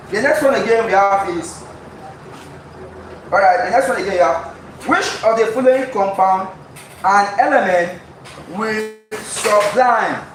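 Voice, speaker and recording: High-voiced man teaching in an echoey room. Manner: drills students with repeated call-and-response questions. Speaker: chemistry tutor. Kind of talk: exam-prep lesson. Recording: very echoey room, voice far from mic, faint noise.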